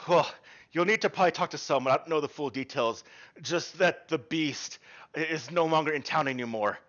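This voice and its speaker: A man narrating a tabletop game as game master, describing scenes in an animated way with frequent ums. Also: a little high, a little fast, dull audio.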